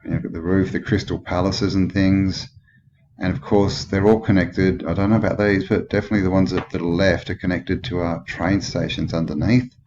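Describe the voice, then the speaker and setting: This deep-voiced Australian host of a channel talks fairly quickly in a steady tone, musing over old photos in a rambling way. He thinks aloud skeptically, posing lots of questions. Clear background noise sits under a dull, lo-fi recording.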